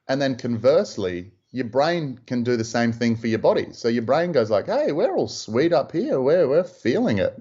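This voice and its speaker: An Australian man, a freediving instructor, telling stories in a relaxed, rambling interview style with plenty of fillers. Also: on the low side. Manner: relaxed, rambling, lots of "you know". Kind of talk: casual interview storytelling. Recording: dull lo-fi audio.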